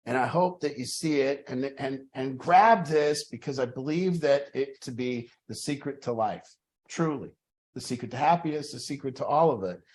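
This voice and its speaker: A man's voice: medium pitch, normal speed, darkish tone. A man leading a group session, his voice in a middle register. He speaks emphatically, circling back on key phrases and restarting sentences. Now and then he swears for emphasis. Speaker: group leader. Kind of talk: motivational group talk.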